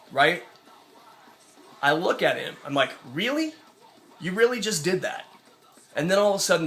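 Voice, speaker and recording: A man's voice: on the high side, fairly bright tone. A young man telling an angry personal story in a vlog, swearing a lot and acting out the people he quotes. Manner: profane, ranting, acts out quoted voices. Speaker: vlogger.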